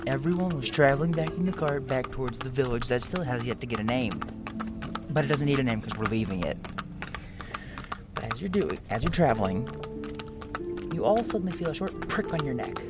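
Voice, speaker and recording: Guy running a tabletop game, animated voice, music playing under it. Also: medium pitch, fast talker. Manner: lively, with restarts. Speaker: game master.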